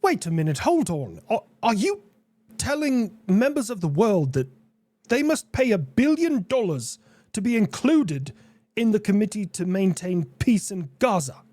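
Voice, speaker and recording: Incredulous sketch host, male, animated pitch, dry close sound. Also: unhurried, no echo. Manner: incredulous, interrupting, questioning. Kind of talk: satirical sketch dialogue.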